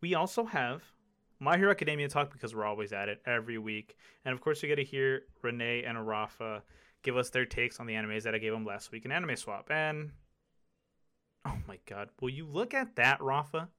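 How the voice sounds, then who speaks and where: A male podcast host with a bright, forceful voice who talks in a hyped, jokey way. He chats casually and keeps the conversation moving with his co-hosts. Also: medium pitch, expressive, a little fast, clean tone.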